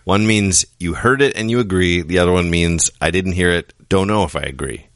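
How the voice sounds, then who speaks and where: Middle-aged male co-host, very deep lively voice, playful wordplay, dry close sound. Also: fairly quick, no room sound. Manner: playful, musing, toys with phrasing. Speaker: podcast co-host. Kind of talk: casual chat.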